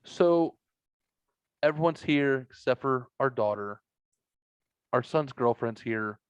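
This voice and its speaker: A middle-aged man hosting a casual podcast, telling rambling stories with lots of swearing and animated quoted voices, on a headset mic. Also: takes it slowly, clear, resonant tone, no room sound, dull audio. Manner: rambling storyteller, swears a lot, bursts into high excited quotes. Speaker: podcast host.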